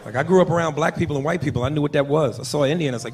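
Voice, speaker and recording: Brash comedian, slightly high voice, live club crowd and noise. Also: male voice, very fast. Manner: brash, profane, conversational. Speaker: stand-up comedian. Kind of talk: stand-up comedy routine.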